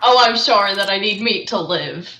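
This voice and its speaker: A woman's voice: mid-range voice, moderate pace, a crowd in the background. A woman playing a tabletop role-playing game who swears a lot and talks playfully in character. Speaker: player. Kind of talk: casual tabletop role-play. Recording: echoey, dull lo-fi room audio.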